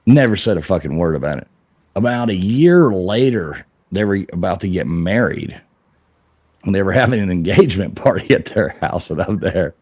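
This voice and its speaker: A middle-aged man telling a rambling, profane story on a live show, laughing as he goes and shouting out the lines he quotes. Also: low-pitched, expressive, moderate pace, no room sound, studio quality. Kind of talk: casual live-stream storytelling.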